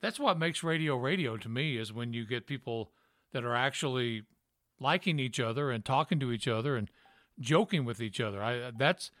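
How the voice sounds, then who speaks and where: A man from Tennessee with a trace of a Southern accent chats with a guest in a folksy, animated way. His voice is recorded close and dry, with almost no room sound. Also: medium pitch, moderate pace, no room sound. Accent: trained-down Southern. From Memphis, Tennessee. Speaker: podcast host, former radio broadcaster. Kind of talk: casual interview chat.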